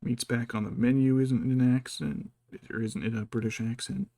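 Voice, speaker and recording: A man's voice: medium pitch, fairly even intonation, moderate pace, warm tone, dry recording. A man chatting casually as he paints miniatures, thinking aloud and muttering to himself. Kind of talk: casual chat while working.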